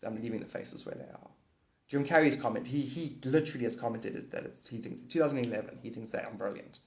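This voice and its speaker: A man ranting casually on a livestream, rambling and profane, swinging from mutters to excited outbursts. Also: medium pitch, fast. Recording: echoey room.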